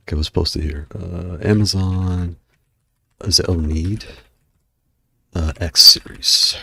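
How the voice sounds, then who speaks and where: A man's voice: low-pitched, fairly even intonation, takes it slowly, gravelly, pauses often, pushed and bright, slightly rough, no room sound. A man hosting a casual livestream, out of breath and chatting in a rambling way while he browses. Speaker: livestream host.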